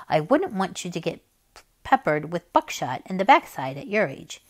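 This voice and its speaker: A fond, gentle father talks his young son through an old poaching trick, his voice pitched a little low and his tone lively and warm with memory, as a woman reading aloud voices him. He rises and falls with enthusiasm as he explains. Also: moderate pace, dry recording. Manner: fond, storytelling.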